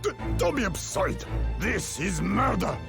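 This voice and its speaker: A man voicing a stern, accusing male ship officer in a thick put-on foreign accent, clipped and slow, over game music. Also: sits high, expressive, creaky, exaggerated voice.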